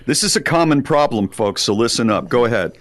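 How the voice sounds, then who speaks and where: A man's voice: medium pitch, lively intonation, fairly quick, no echo. A man co-hosting a podcast, cutting in with jokes and questions in casual chat. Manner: joking interjections. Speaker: podcast co-host.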